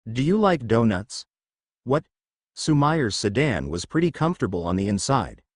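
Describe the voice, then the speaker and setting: A man's voice: lowish voice, no echo, studio quality. A man narrating a fan fiction story as an audiobook, reading every character's lines in the same voice. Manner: reads all characters' dialogue in the same even voice.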